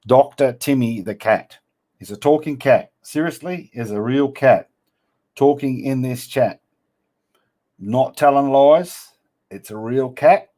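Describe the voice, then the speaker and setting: A man's voice: medium pitch, slow pace, dark tone. A man hosting a casual livestream, reading viewer comments aloud and answering them with blunt, teasing banter full of slang. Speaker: livestream host.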